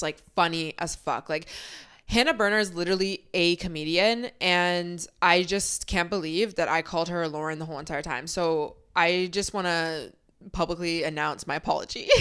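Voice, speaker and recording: Chatty young woman with a smooth, lowish voice. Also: fairly bright tone. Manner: chatty and candid, heavy use of "like". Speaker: podcast host. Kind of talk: casual chat. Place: home, filming for video. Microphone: studio microphone.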